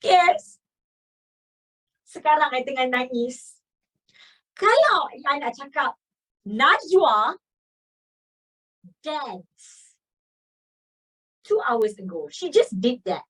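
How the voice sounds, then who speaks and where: Lively high Malaysian woman teacher. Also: slow, long pauses, recorded from a distance, low-quality recording. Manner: chatty, coaxing, stretches key words. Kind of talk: grammar lesson mixing English and Malay.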